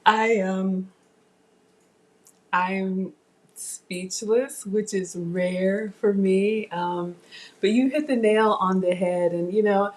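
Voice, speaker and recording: A woman hosting a cooking livestream, emotional and close to tears, speaking in a halting, heartfelt way. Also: medium pitch, fairly even intonation, a little mellow. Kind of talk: casual live-stream chat.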